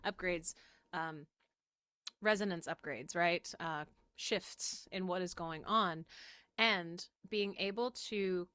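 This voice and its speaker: A woman's voice: on the low side, slow, pushed and bright, clean tone, no echo. A woman with a Southern US accent, chatting to camera in a rambling way and laughing often, sick and exhausted. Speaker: spiritual channel host. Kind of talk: casual talk to camera.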